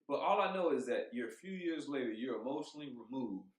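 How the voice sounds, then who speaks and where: A man co-hosting a podcast, talking in a heated, emphatic way, swearing freely and thinking out loud with restarts. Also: medium pitch, lively intonation, fast talker. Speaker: podcast co-host. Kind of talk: casual podcast chat. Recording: roomy echo.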